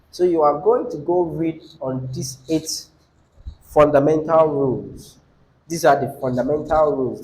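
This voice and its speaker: A man teaches a class at an unhurried pace, drawing out his words. His voice sits high for a man. A faint hum of room noise runs under his speech. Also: darkish tone, low-quality recording. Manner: questions the class often, repeats key words. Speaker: English teacher. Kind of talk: classroom lecture.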